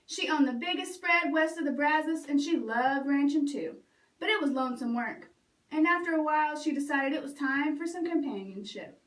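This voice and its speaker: A woman librarian reading a picture book aloud for children in a lively, expressive way. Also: high-pitched, moderate pace, recorded from a distance. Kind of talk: storytime read-aloud. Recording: roomy echo, away from mic.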